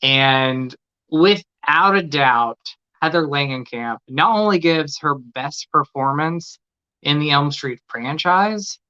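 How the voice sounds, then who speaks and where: An enthusiastic man co-hosting a podcast, with a bright, crisp voice. He talks freely in a casual chat. The audio is a little dull and lo-fi. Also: a little high, animated. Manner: enthusiastic, quick to praise. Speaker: podcast co-host.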